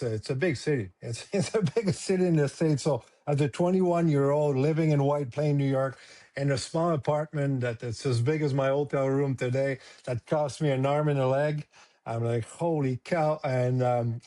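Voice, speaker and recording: A middle-aged man tells stories as a podcast guest. His voice sits at an ordinary middle pitch, and he talks in an emotional, animated way, often acting out the voices of others. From Quebec, Canada. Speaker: podcast guest, former hockey player. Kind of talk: casual storytelling interview.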